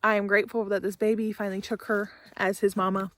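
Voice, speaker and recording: With no room sound, a young woman speaks fast in a medium-pitched, level voice while vlogging from her barn. This homesteader chats casually to the camera and her cow, sometimes getting emotional and teary.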